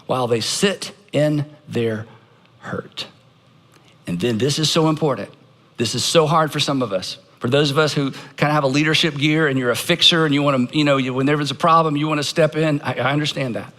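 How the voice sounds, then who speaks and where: Male pastor, bright and forceful tone, live sermon in a reverberant auditorium, stage mic. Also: a little high, normal speed. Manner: emphatic, leads congregation in call-and-response practice.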